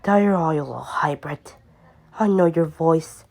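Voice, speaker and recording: A menacing male villain taunts his prey in a low, hushed voice, as a woman puts him on. He drags his words out slowly, savoring the hunt. It suits a homemade toy story. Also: big pitch swings. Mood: taunting.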